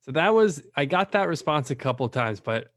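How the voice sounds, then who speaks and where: A man who runs a lead-generation business, chatting casually and telling rambling, animated stories full of fillers. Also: fairly high pitch, brisk, dry recording.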